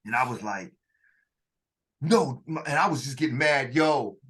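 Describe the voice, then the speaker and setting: A man telling a personal story in conversation, halting and restarting often, acting out what others said. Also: medium pitch, lively intonation, a bit bright. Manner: halting, with frequent restarts and acted-out quotes. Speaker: author telling his story.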